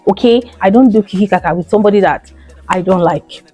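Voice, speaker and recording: Woman, 30s, warm mellow tone, emphatic and repetitive, faint music under. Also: mid-range voice, animated, fairly quick. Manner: chatty, emphatic, repeats phrases, addresses viewers as girl. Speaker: vlogger. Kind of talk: casual talk to camera.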